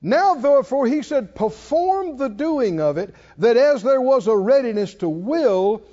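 High-voiced preacher guy, slow and drawn out, really emphatic. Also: big pitch swings, dark tone, big-room sound, dull audio. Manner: emphatic preaching, calls out to the congregation. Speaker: pastor. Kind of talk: sermon.

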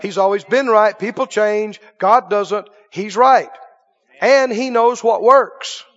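A man's voice: high voice, slow pace, a bit bright, long reverb tail, muffled recording. A male pastor delivering a sermon, preaching emphatically and checking in with the congregation through repeated questions. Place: church sanctuary.

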